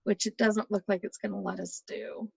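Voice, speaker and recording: A woman's voice: medium pitch, level tone, moderate pace, creaky, a crowd in the background, rough recording. A middle-aged American woman in a casual, nostalgic chat while touring old places on a map. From United States. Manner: chatty, nostalgic, talks over a map tour. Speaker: vlogger.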